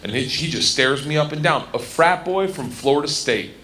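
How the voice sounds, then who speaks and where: A man's voice: fairly high pitch, animated, moderate pace, bright, forceful tone. A man telling a rowdy, boisterous story on stage as a stand-up comedian, swearing freely. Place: stage in front of an audience.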